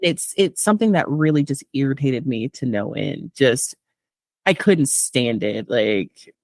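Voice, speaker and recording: A woman's voice: rumbling low, a little slow, no room sound, clean studio sound. A woman guest in a casual chat who tells stories with lots of laughter and mimics other people's voices. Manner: animated storyteller, mimics voices, laughs often. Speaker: guest, tarot business owner.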